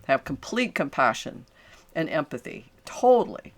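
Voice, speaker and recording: An older woman who coaches and hosts a podcast talks solo to her audience in a low-pitched voice at normal speed. She's earnest and animated, dropping affirming asides and often restarting her sentences.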